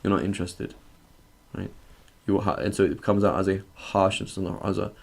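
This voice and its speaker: Man with a low, gravelly teaching voice. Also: steady tone, normal speed. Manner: conversational, often checks in with "right?"; reads Arabic text, then translates and explains it. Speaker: Islamic teacher. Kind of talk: explanatory religious lesson.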